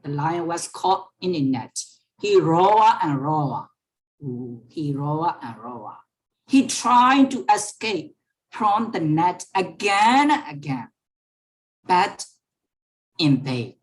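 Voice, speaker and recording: Brief: female teacher, online class, patient storytelling, repeats every line, very slow pace. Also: fairly low pitch, big pitch swings. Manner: slow, repeats each sentence and explains words. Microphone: online class microphone.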